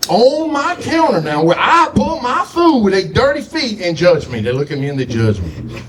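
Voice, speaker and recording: A man's voice: high voice, very animated, moderate pace, fairly bright tone, a little hiss or hum. A man doing a stand-up comedy set, telling loose stories with frequent asides to the crowd. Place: comedy showcase stage.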